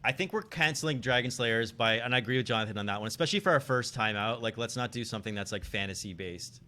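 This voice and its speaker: A man's voice: mid-range voice, fast talker, bright, forceful tone. A man hosting a tabletop game stream, chatting casually and reading setting text aloud. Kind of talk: casual chat.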